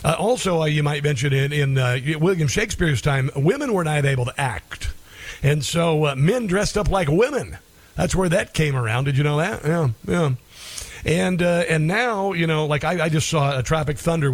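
A man's voice: fairly high pitch, normal speed, no echo. Blunt indignant talk radio host, a man. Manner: blunt, indignant, many ums and uhs.

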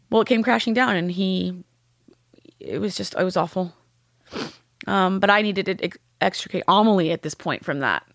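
A woman, a podcast guest, telling a painful personal story candidly, with halting restarts and blunt swearing. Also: on the low side, vocal fry, a bit bright, no room sound, studio quality.

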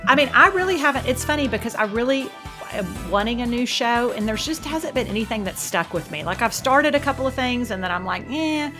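Woman from the American South, podcast co-host, lively chatty storyteller. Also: on the high side, brisk, over music. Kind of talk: casual chat and read ad.

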